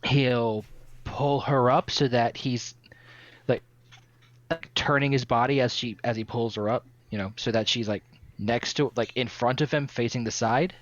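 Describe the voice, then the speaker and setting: A man's voice: mid-range voice, steady tone, a little slow. A man playing in a tabletop game, talking rules in a matter-of-fact way, heard through a dull, lo-fi mic. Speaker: player.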